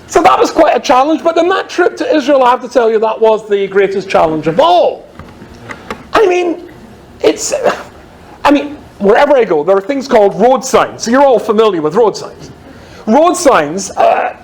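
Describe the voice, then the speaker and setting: Wry Scottish rabbi telling stories. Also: male voice, very high voice, sing-song, moderate pace, slight background noise. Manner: dry, wry comic delivery. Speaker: rabbi giving a talk. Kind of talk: humorous storytelling talk.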